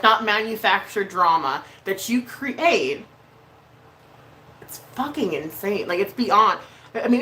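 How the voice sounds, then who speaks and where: A woman's voice: mid-range voice, pushed and bright, slight background noise, rough recording. A woman hosting a casual livestream while doing her makeup, emotional and venting, swearing freely and laughing often. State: emotional, near tears. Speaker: livestream host.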